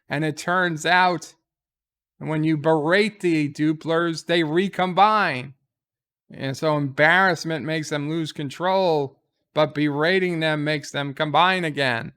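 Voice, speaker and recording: A man's voice: a little high, fairly even intonation, slow pace, fairly bright tone, clear, resonant tone. A man casually recapping a TV episode as a reviewer, rambling with fillers and quoting lines.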